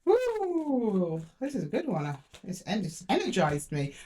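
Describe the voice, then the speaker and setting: A woman's voice: low-pitched, very animated, normal speed, a little mellow. A young adult woman doing a chatty, affectionate tarot reading to camera in a room at home. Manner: chatty and affectionate, talking to viewers as "my loves". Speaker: tarot reader. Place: room in a two-story house.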